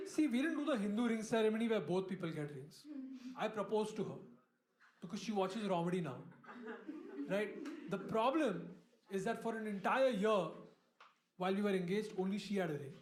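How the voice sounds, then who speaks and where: A man's voice: high-pitched, expressive, moderate pace, long pauses, roomy sound. A man doing a stand-up comedy set, chatty and self-mocking, often turning to ask the crowd.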